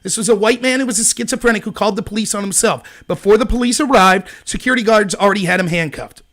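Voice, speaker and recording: A man hosting a live-streamed political commentary show, talking in an animated, indignant rant. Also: high voice, fast.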